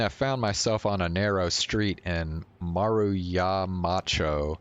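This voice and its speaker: A male streamer reading a visual novel aloud and breaking off now and then for offhand remarks and chuckles. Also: sits low.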